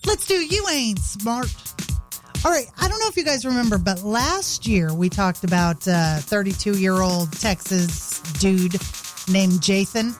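A woman's voice: medium pitch, expressive, unhurried, music in the background. A woman hosting a radio show, telling a story in a playful, mocking way and laughing at her own jokes. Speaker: radio host. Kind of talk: casual radio chat.

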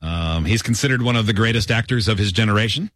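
A man hosting a casual radio show, running a guessing game with animated, laughing banter. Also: fairly low pitch, quick pace, no room sound.

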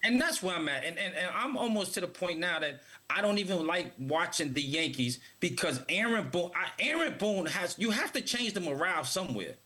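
An emphatic man talking sports in a loose, casual way, often stacking repeated words at the start of his points. His voice is bright and forceful with a husky edge, and it sits slightly higher than most men's. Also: very animated, fairly quick, hardly any pauses. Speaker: sports talk co-host.

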